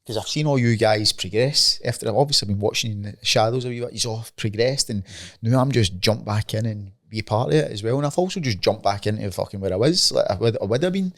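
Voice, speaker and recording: A man's voice: fairly low pitch, no echo. Scottish guy late 30s talking a mile a minute, swears a lot, dry close sound. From Scotland. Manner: rapid, swears freely, lots of "you know what I mean". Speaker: MMA fighter guest. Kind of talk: casual podcast chat.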